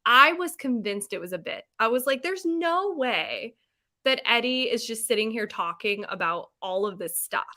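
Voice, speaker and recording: A young woman hosting a podcast, chatting in a bubbly, animated way and laughing often. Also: a little high, moderate pace, few pauses. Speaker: podcast host. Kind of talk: casual chat.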